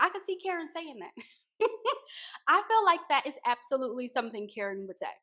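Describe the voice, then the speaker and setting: A woman's voice: high-pitched, a little fast. A woman giving an opinionated, casual recap of a reality show, laughing now and then. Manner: opinionated, animated, laughs often.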